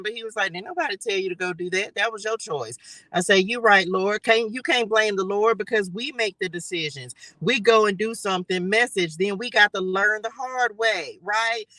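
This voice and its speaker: High bright voiced guy doing a live tarot reading, chatty and preachy, dry close sound. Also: moderate pace, hardly any pauses, no echo, poor audio. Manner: chatty, preachy, keeps addressing viewers as y'all and baby. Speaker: tarot reader.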